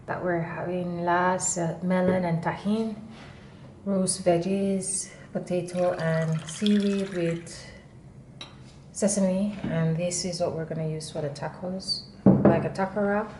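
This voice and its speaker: A woman narrating a casual diary vlog, chatty and relaxed as she describes her day. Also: on the low side, slow, slight background noise. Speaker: vlogger. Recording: loud background music under voice.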